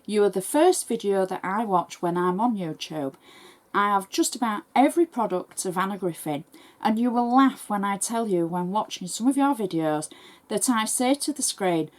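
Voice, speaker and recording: An English woman who hosts crafting tutorials, reading viewer messages aloud in a brisk, chatty and thankful way. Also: mid-range voice, lively intonation. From England.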